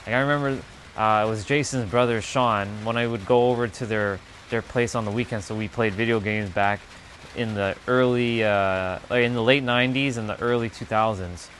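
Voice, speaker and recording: The host of a livestream, a man in his thirties, chats casually through stories packed with cursing and sneering quoted asides, told with animation. His voice is on the low side, his pace moderate, and there's a faint hiss or hum.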